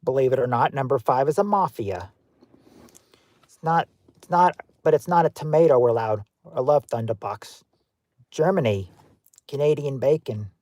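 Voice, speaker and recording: Recorded dry, a man with a mid-range, darkish voice talks at normal speed with long pauses while hosting a livestream game show. He reads out guesses and greets viewers by name in a chatty, offhand way, full of fillers and restarts.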